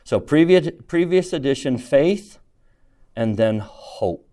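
A man of ordinary pitch teaches a classroom lesson. He speaks with emphasis and energy, calling on students by name and urging them to read aloud. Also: lively intonation, takes it slowly, warm tone. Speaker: religion teacher.

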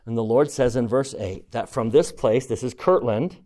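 A man leads a classroom scripture lesson at a mid-range pitch. He talks with emphasis and puts questions to his listeners. He moves between reading verses and explaining them. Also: moderate pace, few pauses, mellow. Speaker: scripture teacher.

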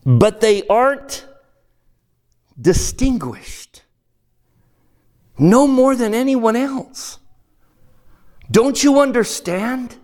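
A man's voice: extremely high pitch, lively intonation, very slow, long pauses, darkish tone, voice pushed up, exaggerated voice. A man reading aloud as a kindly spirit from heaven who patiently explains things to an old friend. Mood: earnest.

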